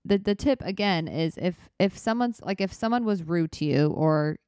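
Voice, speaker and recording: Young woman podcast host, low-ish, smooth voice, candid and rambling, dry close mic. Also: expressive, normal speed, a little mellow, no room sound. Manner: rambling, candid, self-reflective. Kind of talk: casual solo podcast talk.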